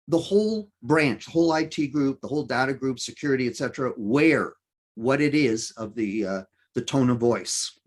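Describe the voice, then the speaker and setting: A man giving a presentation talk, emphatic and lively, with many fillers and self-corrections. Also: mid-range voice, normal speed. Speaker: conference speaker.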